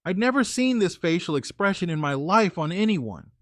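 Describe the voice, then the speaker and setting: A man's voice: high-pitched, animated, moderate pace, dry recording, clean studio sound. Man telling a casual first-person story. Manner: casual, conversational, talks to listeners as "guys".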